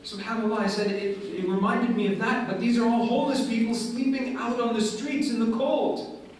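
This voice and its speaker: A man's voice: very high-pitched, fairly even intonation, normal speed, a little hiss or hum. A man giving an earnest, story-driven speech at a community event in a large mosque hall. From Canada. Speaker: guest speaker. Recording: echoey hall heard from far off.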